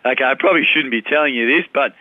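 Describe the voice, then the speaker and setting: A man's voice: mid-range voice, very fast, no room sound, natural voice. A man doing a cheeky ocker Australian sports star impression with a broad Australian accent, joking like a larrikin down a muffled phone line. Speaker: comic caller.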